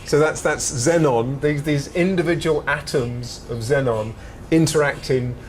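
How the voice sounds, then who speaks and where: A man speaking slowly and in wonder while relaxed and lightheaded after breathing a gas, in a filmed clip. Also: on the high side, rough recording.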